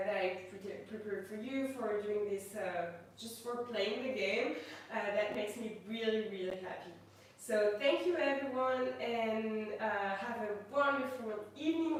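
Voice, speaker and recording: A woman with a French accent leading a yoga class on a livestream, giving calm, slow cues and then chatting and thanking her students. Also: a little high, slight background noise. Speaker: yoga instructor. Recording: echoey room, mic at a distance.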